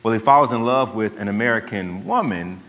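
Pastor preaching in an echoing church. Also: male voice, lowish voice, expressive, normal speed, a bit bright. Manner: conversational storytelling, dry asides to the congregation. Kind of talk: sermon. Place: church sanctuary. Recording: long church hall reverb.

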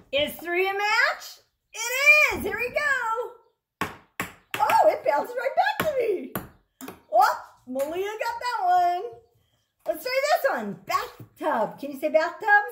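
Very high-voiced, lively woman speech therapist. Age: adult. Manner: slow, enthusiastic coaching prompts. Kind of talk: remote speech practice game for children.

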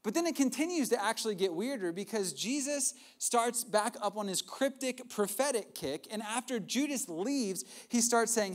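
A young adult man preaching a sermon as a pastor, retelling a story in an animated way with asides and acted-out quotes. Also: very high-pitched, moderate pace, hardly any pauses.

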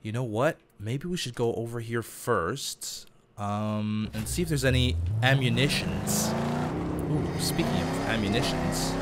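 Male gaming host, let's play commentary, jumpy and excitable, car engines and gunfire clearly heard underneath. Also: mid-range voice, a little slow, background noise. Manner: excitable, panicky exclamations under fire.

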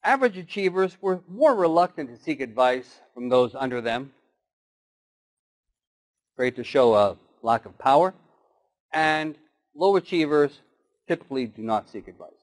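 Male keynote speaker, mid-pitched, storytelling delivery for a motivational talk. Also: very animated, normal speed, long pauses, rough recording. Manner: storytelling with acted animal voices.

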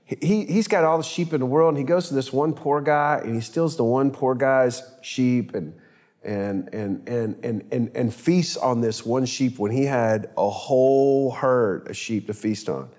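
A man's voice: a little slow, in a large hall. A man, a pastor, telling a scripture story conversationally and acting out the characters' voices. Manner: animated, acts out biblical voices with big pitch jumps.

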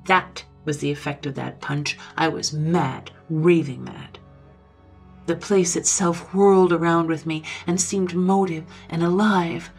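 Woman reading a spooky story, dramatic, lowish voice, soft music behind. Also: steady tone, unhurried. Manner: dramatic, with hushed whispered passages. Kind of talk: scripted narration of a ghost story.

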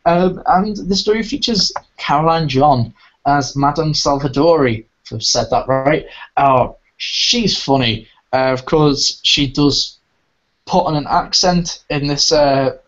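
A man's voice: on the high side, a little slow, a bit bright. Rambling enthusiastic man, dull lo-fi sound. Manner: enthusiastic, rambling with many restarts. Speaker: podcast host reviewing audio dramas. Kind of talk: casual review chat. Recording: dull lo-fi recording.

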